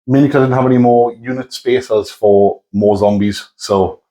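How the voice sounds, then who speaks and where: A man chatting casually as co-host of a tabletop gaming show. His voice sits at an ordinary mid pitch. He rambles easily and corrects himself as he goes. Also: fairly even intonation, moderate pace, dark tone, rough recording. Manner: easygoing, rambling, self-correcting. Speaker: co-host of a tabletop wargaming channel. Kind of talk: casual chat.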